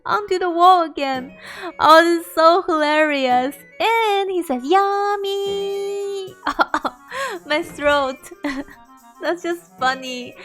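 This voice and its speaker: A woman's voice: sits high, fairly bright tone. A young woman hosting a game video, commenting on a playthrough in a bubbly way and often laughing.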